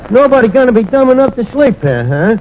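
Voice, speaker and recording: A man's voice: extremely high pitch, big pitch swings, fast talker, a little mellow. A man playing a brash, wisecracking tavern manager in a 1940s radio sitcom, rambling with fillers and mangled words. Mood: fumbling, boastful. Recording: dull noisy 1940s radio transcription.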